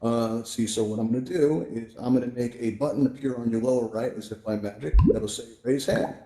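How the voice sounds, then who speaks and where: A man hosting a virtual reality event, telling stories in a casual, animated way and often checking in with "right?", on a VR headset mic. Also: medium pitch, a little fast. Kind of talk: casual live presentation with storytelling.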